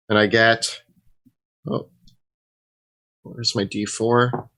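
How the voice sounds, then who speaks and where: A man at a tabletop game, describing his character's moves and thinking aloud between rolls. He talks slowly, and his voice sounds bright. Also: mid-range voice, steady tone, smooth. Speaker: player.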